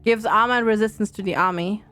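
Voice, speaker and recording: A woman's voice: mid-range voice, fast talker, fairly bright tone, faint music behind. A young woman streaming a game, chatting and thinking aloud to her viewers. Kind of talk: casual game commentary.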